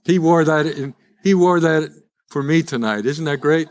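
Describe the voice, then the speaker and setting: A man's voice: a little high, moderate pace, background noise. Older man telling his recovery story. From Chicago. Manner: humorous, self-deprecating storyteller with frequent restarts. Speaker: recovery meeting speaker. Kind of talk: live personal story talk to an audience. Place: live event before an audience.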